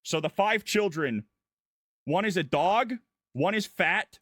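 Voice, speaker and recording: A man's voice: high-pitched, expressive, takes it slowly, a bit bright, no room sound, clean studio sound. A man streaming as a vtuber, goofily recapping a story in long run-on sentences. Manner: goofy, irreverent, breathless run-on storytelling. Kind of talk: casual rambling plot recap.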